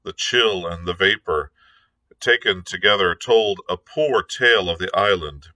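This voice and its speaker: A male librarian reading a classic novel aloud in a measured storytelling manner. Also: low-pitched, bright, forceful tone, poor audio. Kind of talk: read-aloud narration.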